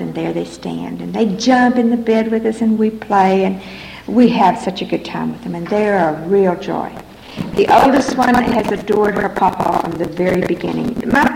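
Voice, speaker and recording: An older woman tells her own story to a meeting audience in a frank, folksy way, with wry humor. Her voice has a gravelly edge. It rings around a roomy hall with a faint hiss underneath. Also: lowish voice, a little mellow. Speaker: speaker sharing her story at a recovery meeting. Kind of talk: personal testimony to a meeting audience.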